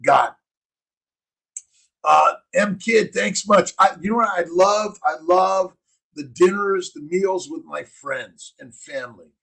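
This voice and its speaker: A man's voice: high-pitched, takes it slowly, vocal fry, slightly rough, rough recording. A man, a doctor, hosting a rambling, upbeat morning live stream, chatting casually and greeting viewers by name. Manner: rambling, upbeat, shouted bursts of encouragement.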